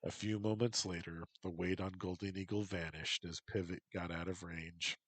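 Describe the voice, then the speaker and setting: A man reading a story aloud in a steady, measured narration. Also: deep voice, breathy edge, no room sound, rough recording.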